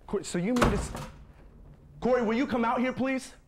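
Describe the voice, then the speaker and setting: A man's voice: on the high side, big pitch swings, fairly quick, background noise. A man playing a dry, sarcastic young husband. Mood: exasperated. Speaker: husband Paul.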